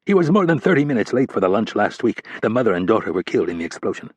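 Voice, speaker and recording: A man's voice: fairly low pitch, sing-song, rapid-fire, breathy edge, no room sound. A man narrating an audiobook voices a gleeful male militant who mocks and delights in others' suffering. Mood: gloating. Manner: mocking, delighted by others' pain.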